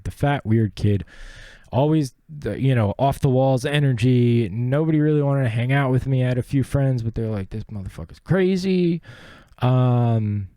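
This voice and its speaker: Profane, earnest young man with a dark voice. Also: mid-range voice, no echo. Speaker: podcast host. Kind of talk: personal story monologue.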